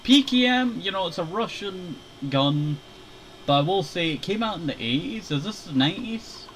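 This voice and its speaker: A man's voice: a little high, moderate pace, slight background noise, rough recording. A young man casually chatting while playing a shooter game, laid-back and rambling, chuckling often. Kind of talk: casual gaming commentary.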